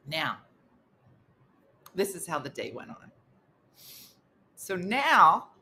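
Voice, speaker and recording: Animated woman telling a comic story. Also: on the low side. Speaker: comedian host.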